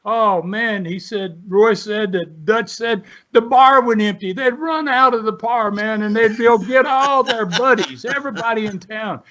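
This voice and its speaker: Here a seventy-something ex-wrestler talks with a high, sharp-toned voice at a measured pace, rarely pausing. He rambles through salty stories like a folksy storyteller being interviewed, and the sound quality is dull and lo-fi.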